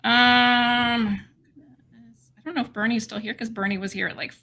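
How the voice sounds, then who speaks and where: A woman's voice: on the high side, fairly even intonation, measured pace, pushed and bright. A woman co-hosting a casual livestream, bubbly and laughing, greeting viewers by name. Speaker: livestream co-host.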